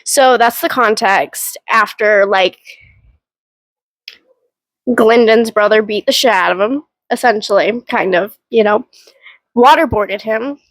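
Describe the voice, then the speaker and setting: A young woman reviewing books on her home vlog, talking casually and gushing with excitement, full of fillers. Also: on the high side, slow pace, pauses often, poor audio. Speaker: book vlogger. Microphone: camera in front of her.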